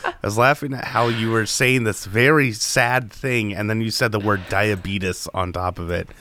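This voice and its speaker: A podcast co-host in casual chat, jokey and quick with banter. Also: medium pitch, fairly even intonation, sharp tone, slight background noise.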